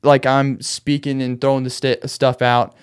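A man hosts a solo late-night podcast, his medium-pitched voice clean, flat, and measured in pace despite his agitation. Wound up, he vents restlessly and rambles, laughing through the anger, all recorded on a podcast microphone.

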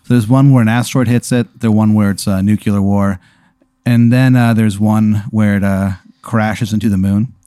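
A man's voice: on the low side, fairly even intonation, normal speed, warm tone, clean tone, no echo, studio quality. A man casually telling an improvised hypothetical story, in a laid-back way with lots of fillers.

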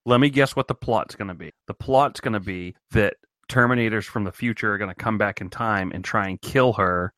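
Low-voiced sarcastic man chatting. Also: brisk, few pauses, fairly bright tone, no echo. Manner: dry, sarcastic joking. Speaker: podcast co-host. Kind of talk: casual chat. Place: home in Maine.

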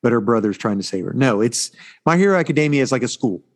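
A man's voice: medium pitch, quick pace. A middle-aged man, a pharmacist, chatting casually and joking with his daughter. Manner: joking, animated storyteller. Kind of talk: casual family chat.

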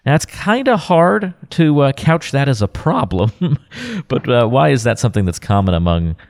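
A man hosting a radio talk show, introducing topics and reading out the call-in number in a smooth, announcer-like way. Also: mid-range voice, sing-song, moderate pace, darkish tone. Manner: smooth announcer-like delivery, reads phone number.

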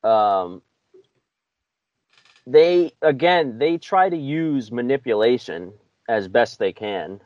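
A man's voice: mid-range voice, animated, slow pace, long pauses, a little mellow, no echo, dull audio. A man hosting a podcast, chatting casually about a film in an easygoing, rambling way. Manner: easygoing, rambling, with lots of fillers. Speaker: podcast host. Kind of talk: casual film-review chat.

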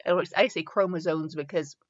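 A woman's voice: on the low side, fast talker, highs cut off. Giggly Midwestern woman reading fanfiction aloud. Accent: Midwestern American. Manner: giggly and rambling, with frequent laughter. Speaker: fanfiction reviewer and host.

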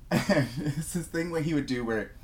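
A man co-hosting a podcast, telling a story in casual chat, animated and laughing a lot as he talks. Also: fairly high pitch, measured pace. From Canada. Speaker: podcast co-host.

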